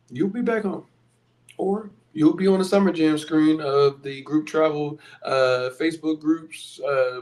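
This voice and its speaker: A man from Philadelphia with a Philly accent, hosting a podcast as a conversational, blunt monologue full of rhetorical questions. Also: on the high side. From Philadelphia, USA. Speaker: podcast host. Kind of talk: motivational monologue.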